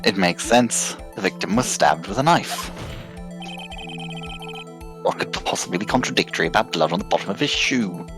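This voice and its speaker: A woman voicing a stern, smug young male prosecutor, reading game dialogue in a calm, lowered voice. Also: moderate pace, long pauses. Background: game music.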